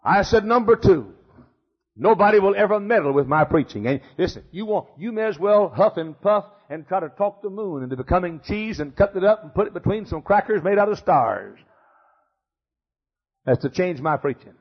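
Emphatic older pastor, husky fiery sermon. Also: male voice, sits high, expressive, normal speed. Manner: emphatic, repetitive, swings from shouting to hushed. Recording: dull lo-fi sermon recording.

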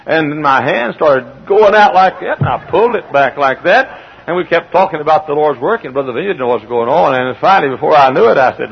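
A man preaching a sermon, telling stories with animation and building to shouts. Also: a little high, big pitch swings, a little fast, gravelly, breathy edge. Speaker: pastor. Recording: dull lo-fi archival sermon tape.

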